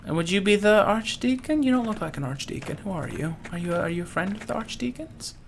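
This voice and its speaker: A man giving casual let's-play commentary, swearing and laughing as he jokes. His pitch jumps around in a lively, animated way. A faint background hiss sits under the voice. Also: fast, vocal fry. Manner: profane, giggly, joking. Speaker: game streamer.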